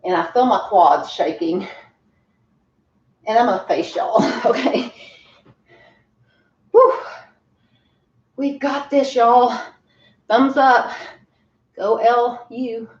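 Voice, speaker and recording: Woman fitness instructor, winded, cheerful coaching, unhurried; roomy far-off home recording. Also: fairly high pitch, dull audio. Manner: encouraging, chatty, laughs often. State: out of breath. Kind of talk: home workout class.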